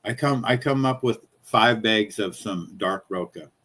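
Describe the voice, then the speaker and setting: A man's voice: on the low side, a little slow, fairly bright tone. A man in his fifties, a small-business chocolatier, ranting casually in a profane, rambling, indignant way. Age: 50s.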